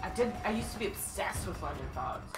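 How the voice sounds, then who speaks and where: A woman's voice: mid-range voice, animated, fairly quick. A Canadian woman chatting casually alongside a game stream, rambling a bit. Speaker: co-commentator. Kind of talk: casual chat. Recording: roomy recording with loud music.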